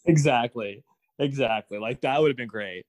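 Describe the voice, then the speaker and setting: A man's voice: mid-range voice, normal speed, no room sound. A man co-hosting a podcast, giving opinionated, rambling takes in casual talk about a TV show. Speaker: podcast co-host. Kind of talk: casual TV episode discussion.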